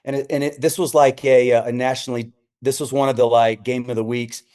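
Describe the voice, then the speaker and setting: A middle-aged man, a senior pastor, spins stories as a podcast guest. He talks casually and acts out each person he quotes, jumping up for his son and dropping low for himself. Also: fairly quick, smooth. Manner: animated, acts out quoted voices. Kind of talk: storytelling in casual podcast chat.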